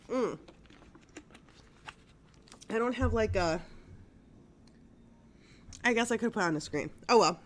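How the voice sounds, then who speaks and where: A woman hosting a live-streamed news show, talking casually and animatedly with lots of fillers and laughs. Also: mid-range voice. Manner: chatty and animated, full of likes and laughs.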